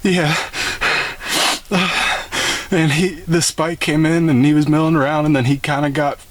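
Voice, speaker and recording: A young man telling a story on a phone call, excited and rambling with lots of fillers. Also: on the high side, measured pace. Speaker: bowhunting vlogger.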